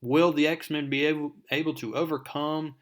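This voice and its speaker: A man's voice: a little high, steady tone, normal speed. A man narrating a comic book recap with enthusiasm, talking to his viewers as folks.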